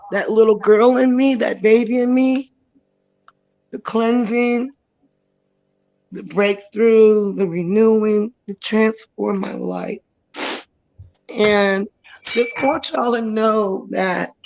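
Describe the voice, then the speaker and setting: A woman giving an emotional personal testimony as a guest on a live chat, talking haltingly with many pauses and restarts. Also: on the high side, lo-fi sound.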